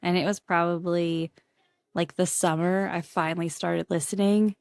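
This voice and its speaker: A woman's voice: on the low side, fairly even intonation, moderate pace, darkish tone, no echo. A woman who runs a bookstore, chatting on a podcast as a guest and laughing often. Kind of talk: casual podcast chat.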